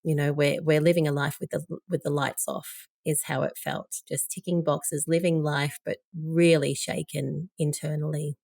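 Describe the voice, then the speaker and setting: Woman, 40s, low and gravelly, dry sound; podcast guest sharing a painful story candidly. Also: little pitch movement, normal speed, few pauses, darkish tone, no echo. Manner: emotional, candid, quoting others. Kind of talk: personal story in interview.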